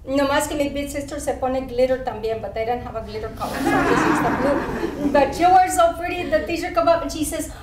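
A woman's voice: high-pitched, a little fast, few pauses, lightly acted. A woman acting out an eager, chatty first-grade girl in a one-woman stage show, speaking childlike English with a San Antonio Spanish-influenced accent and slipping into Spanish. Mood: excited. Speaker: stage performer. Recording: roomy stage sound from far off with faint hiss.

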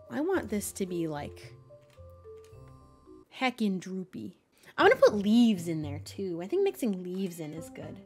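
In an unhurried, darkish medium-pitched voice with big swings in pitch, a young woman narrates her Minecraft building session casually, pausing often. She talks to the animals in her game in a playful tone, with soft music underneath.

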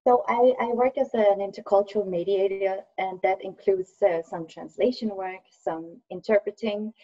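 A woman from Copenhagen with a Danish accent, a language teacher talking on a video call, laughing often and pausing with fillers. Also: mid-range voice, fairly even intonation, warm tone. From Denmark, Copenhagen. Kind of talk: casual video call chat. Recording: dull lo-fi video call audio.

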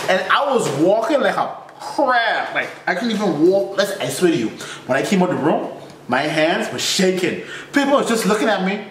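A man telling a funny personal story in a frank, slangy way, acting out his own reactions with high yelps and low mutters. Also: very animated, a little fast, a bit bright, roomy sound, far from the mic, a little hiss or hum.

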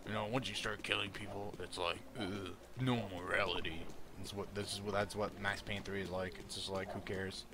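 A man's voice: lowish voice, little pitch movement, brisk, hardly any pauses, background noise. Sarcastic, swearing young man commentating. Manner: irritated, sarcastic, swears a lot. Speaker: let's play commentator. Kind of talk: gameplay commentary.

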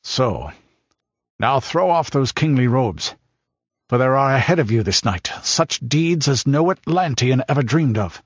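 A man's voice: medium pitch, big pitch swings, unhurried, slightly rough, no echo, lo-fi sound, voice pushed up. A man voicing a fierce, proud Pictish warrior who speaks in a guarded, curt and sneering way. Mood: guarded scornful.

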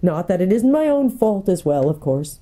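A glum, fatalistic marsh creature with a raised, lively voice, as a woman reading a storybook puts him on. He sounds gloomy and dutiful, expecting the worst. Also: medium pitch, moderate pace, pitched above the performer's own voice.

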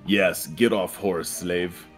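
A man's voice: low voice, fairly even intonation, slow pace, faint music behind. A man voicing a dim, brutish, bossy male ogre who talks in broken caveman English.

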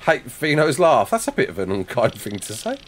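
Lively English guy chatting on a live stream. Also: mid-range voice, a little hiss or hum. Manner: chatty, reads viewer comments aloud and answers them, quick laughs. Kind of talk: casual live-stream chat while gaming. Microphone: desk mic with face cam.

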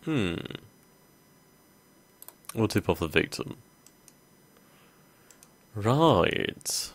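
A man's voice: lowish voice, sing-song, very slow. A man hosting a strategy game let's play, thinking aloud casually with many ums. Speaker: gaming video host.

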